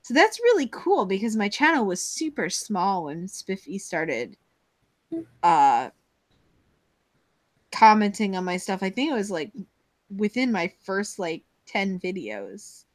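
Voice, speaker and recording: Slow, rambling woman streamer, dry sound. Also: mid-range voice, sing-song, dry recording. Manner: rambling, giggly, jumps between topics. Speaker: host of a live stream. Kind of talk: casual chat. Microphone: video call.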